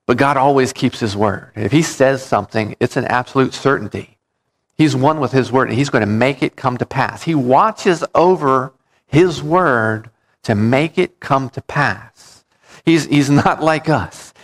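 Male pastor, mid-range voice, steady earnest preaching with restarts. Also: medium pitch. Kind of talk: sermon.

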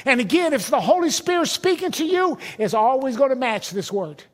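A man's voice: very high-pitched, lively intonation, a little fast. A middle-aged man, a pastor, preaching a sermon in a conversational, emphatic way with personal stories.

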